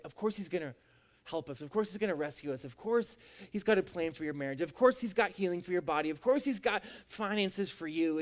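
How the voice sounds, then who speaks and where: A man preaching a sermon as a pastor, with an emphatic, repetitive cadence. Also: fairly high pitch.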